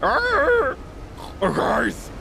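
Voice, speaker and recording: A man voicing a frantic, deformed little pug dog, shouting urgent pleading warnings to wolves. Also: extremely high pitch, huge pitch swings, extremely slow, gravelly, slight background noise, voice pushed up, exaggerated voice.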